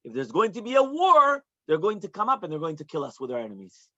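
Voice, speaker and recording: Rabbi giving a sermon, dull recording. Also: male voice, high-pitched, wildly swooping pitch, fast talker, a bit bright, dry recording. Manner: explains Hebrew phrases in English, asks listeners "yeah?". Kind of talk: sermon with storytelling. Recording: dull, dry close recording.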